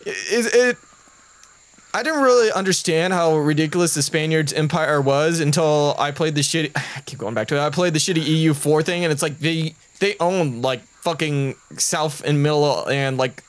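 Gamer guy rambling jokes while playing, bit high pitched, swears a lot. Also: moderate pace, few pauses. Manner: joking, profane, rambling. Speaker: let's play commentator. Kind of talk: casual gaming commentary.

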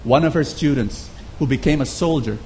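A man's voice: mid-range voice, normal speed, a little mellow, slight background noise. A man preaching a sermon, telling a story earnestly and often repeating words as he goes.

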